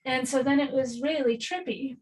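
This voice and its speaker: A woman's voice: sits high, normal speed, low-quality recording. A woman guest on a podcast telling a vivid story in casual talk, acting out the voices of others and swearing freely. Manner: animated, acts out dialogue, casual swearing. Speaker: podcast guest, spiritual healer.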